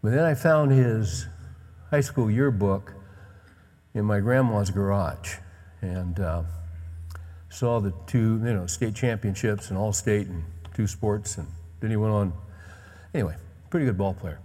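An older man preaching a sermon, telling personal stories with frequent halting fillers. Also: lowish voice, dark tone. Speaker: pastor. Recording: long reverb of a large hall.

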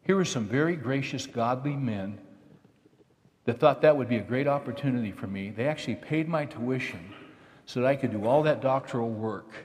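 A man's voice: mid-range voice, normal speed. A middle-aged man, a pastor preaching a conversational, storytelling sermon. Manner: conversational, acts out quoted dialogue with lively shifts. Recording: long reverb of a large hall.

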